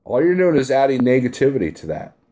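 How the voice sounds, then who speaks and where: A man's voice: mid-range voice, very animated, fast talker, dark tone. Blunt, chummy male trucker streamer. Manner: blunt, chummy, laughs easily. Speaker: truck driver streaming live, reading chat. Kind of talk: casual live-stream chat.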